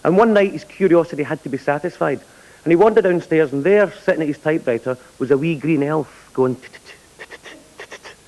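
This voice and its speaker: A man's voice: fairly high pitch, fast, a little mellow, rough recording. A man presenting an award, telling a joke in a dry storytelling way. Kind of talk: comic anecdote at an awards ceremony.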